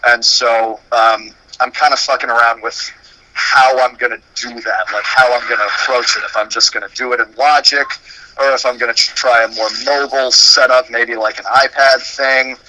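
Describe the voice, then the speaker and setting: A man's voice: medium pitch, fairly even intonation, moderate pace, bright, forceful tone, slight background noise, rough recording. A man from Dallas, a musician talking about his work in a loose, playful way, swearing freely. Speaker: musician guest. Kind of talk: casual chat.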